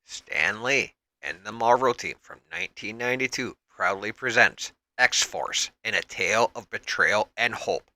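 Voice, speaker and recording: A man's voice: lowish voice, unhurried, pushed and bright, no room sound, rough recording. A man narrating a comic book story aloud in a dramatic storytelling manner.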